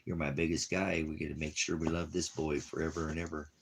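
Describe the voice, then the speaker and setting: A man's voice: very deep voice, level tone, brisk, vocal fry, husky. A man on a casual live stream, talking to his puppy in rambling, playful, affectionate baby talk.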